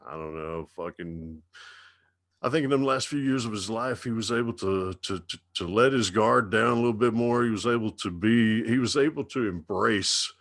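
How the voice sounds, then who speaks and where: A man with a fairly low voice, a radio DJ sitting in as a podcast guest. He talks loosely, swearing often and trailing into asides. The sound is dry and close, with no room around it. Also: fairly bright tone, no echo. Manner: loose and profane, with drawn-out asides. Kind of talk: casual chat.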